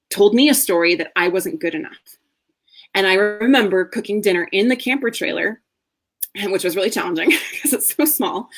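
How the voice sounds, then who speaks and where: Earnest woman coach telling her story. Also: fairly low pitch. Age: 30s. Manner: earnest, candid, with soft laughs. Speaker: marriage coach. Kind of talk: personal storytelling in a masterclass.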